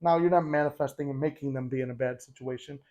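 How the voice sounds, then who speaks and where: A man's voice: mid-range voice, fairly even intonation, quick pace, darkish tone. A man hosting a casual motivational talk, speaking conversationally and bluntly with the odd swear. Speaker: host.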